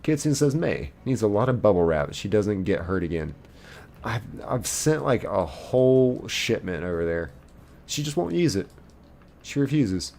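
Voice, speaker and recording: Low-voiced man reading out stream chat. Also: big pitch swings, moderate pace, gravelly, a little mellow, a little hiss or hum. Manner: reads chat messages aloud and answers them playfully. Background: faint game music.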